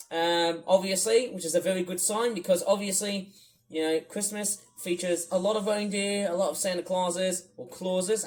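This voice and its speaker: A man from the UK rambling through a livestream commentary, wordy and repetitive, swinging between loud bursts and low mutters. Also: rough recording. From United Kingdom. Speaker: YouTuber. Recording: faint music under the voice. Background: music playing.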